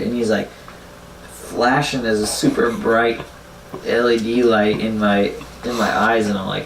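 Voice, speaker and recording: Young guy, animated storyteller, roomy far-off mic with faint noise. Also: fairly low pitch, vocal fry. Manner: quick, animated, mimics others. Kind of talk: casual storytelling.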